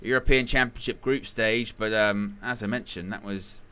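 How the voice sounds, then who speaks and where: A man calls a football match live for a watchalong. His voice is bright and forceful, with a smooth, crisp tone. He talks casually and rambles into jokey asides between the action. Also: fairly low pitch, steady tone, normal speed.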